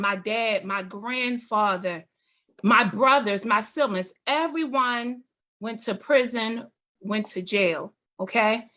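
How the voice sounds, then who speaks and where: A woman's voice: fairly high pitch, sharp tone. A woman in her forties, a parole and probation agent, telling her life story with passion and rhetorical questions at a meeting. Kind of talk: personal testimony at a meeting.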